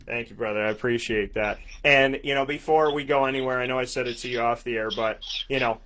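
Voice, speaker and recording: He talks fast in a steady, mid-range voice with a fairly bright tone. A sports radio host in his thirties from Syracuse in upstate New York, he leads a morning sports talk show with effusive, upbeat energy and emphatic repeated words.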